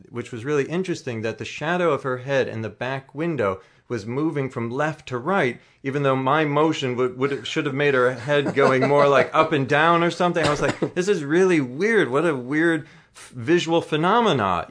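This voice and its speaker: A man's voice: medium pitch, normal speed, fairly bright tone. Self-mocking man rambling through an anecdote. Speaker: storyteller. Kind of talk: comic personal anecdote.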